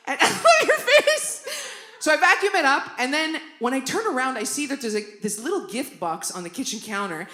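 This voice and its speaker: A middle-aged woman performing a stand-up comedy set on a theatre stage, telling stories with sudden loud, high-pitched outbursts. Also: reverberant. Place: theatre stage before a live audience.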